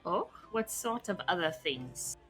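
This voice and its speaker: A woman's voice: lowish voice, big pitch swings, unhurried, fairly bright tone, soft background music. A woman player speaking in character, polite, hesitant and eager. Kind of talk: in-character tabletop role-play.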